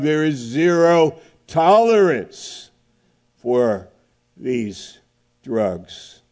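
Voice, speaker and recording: A middle-aged man preaching a sermon, emphatic, with dramatic pauses and swings from loud to hushed. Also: mid-range voice.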